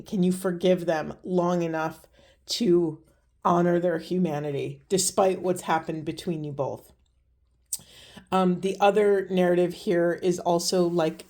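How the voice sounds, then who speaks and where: A woman giving a spiritual card reading to her viewers, speaking slowly and earnestly with many pauses and restarts, moved close to tears. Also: fairly low pitch, dark tone. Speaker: tarot and oracle reader.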